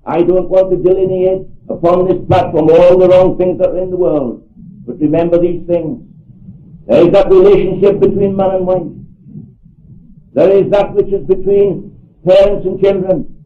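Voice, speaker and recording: Older male preacher, earnest, emphatic, high voice, tinny hall recording. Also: fairly even intonation, moderate pace. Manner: earnest, emphatic, repeats phrases for stress. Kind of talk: sermon. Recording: echoey hall over a tinny phone-like line.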